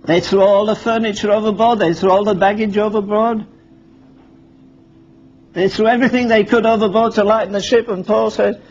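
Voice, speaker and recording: A man's voice: sits high, fairly even intonation, normal speed, darkish tone. A man preaching a sermon, firing rhetorical questions at the congregation and acting out Bible scenes in dialogue. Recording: dull lo-fi sermon recording with faint music.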